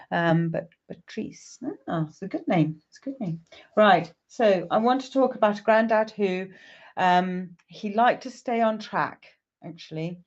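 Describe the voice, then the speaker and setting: A woman's voice: medium pitch, darkish tone, highs cut off. A woman, a psychic medium, chatting on a live stream and greeting viewers by name.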